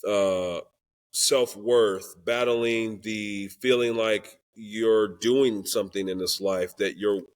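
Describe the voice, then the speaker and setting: A man's voice: lowish voice, steady tone, takes it slowly. A young man, a guest telling a personal story in candid conversation, acting out the voices of people in it. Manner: earnest and emotional, acts out quoted dialogue. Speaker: podcast guest, Christian rapper.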